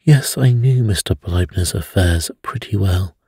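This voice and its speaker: Man reading a plain, matter-of-fact young secretary, husky. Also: low voice, a little slow, mellow, dry recording, clean studio sound, full character voice.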